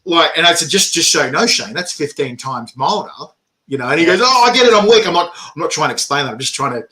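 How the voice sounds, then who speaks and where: A man interviewing a guest in casual chat, telling animated stories and laughing often. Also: a little high, fast talker.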